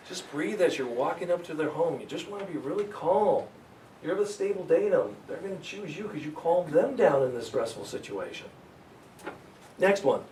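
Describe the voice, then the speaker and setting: A man teaching sales in a live seminar, energetic and coaching, asking his audience questions. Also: on the high side, normal speed. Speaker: sales trainer. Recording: echoey room, far from mic, faint hiss.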